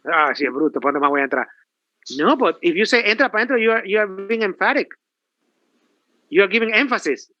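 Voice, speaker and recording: A man's voice: high-pitched, fairly quick, long pauses, dry recording, highs cut off. A male professor giving a classroom grammar lecture, asking rhetorical questions and repeating himself. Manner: lively, repetitive, rhetorical questions.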